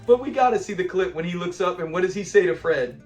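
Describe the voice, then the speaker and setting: Excited guy reviewing an old sitcom ep, high voice, keeps cracking up and doing the lines. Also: fast, soft background music. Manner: excitable, laughs a lot, acts out lines. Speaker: episode reviewer, channel host. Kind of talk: casual video commentary.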